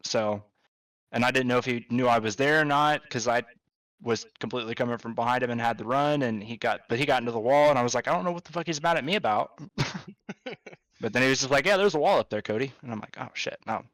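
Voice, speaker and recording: A man's voice: mid-range voice, quick pace, fairly bright tone, no echo, rough recording. Rambling podcast host, a man. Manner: rambling, swears freely. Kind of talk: casual podcast chat.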